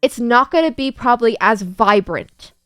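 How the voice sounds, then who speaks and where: A woman's voice: on the high side, expressive, moderate pace, clean tone, dry recording, studio quality, faint music behind, natural voice. A woman mimicking a sweet, eager salon lady. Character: friendly, fussing middle-aged female salon receptionist.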